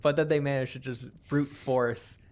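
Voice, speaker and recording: A man's voice: mid-range voice, steady tone, a little mellow. A man co-hosting a comedy podcast, brainstorming a movie plot in a rambling, hesitant way. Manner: rambling, hesitant, quick to laugh. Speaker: podcast co-host.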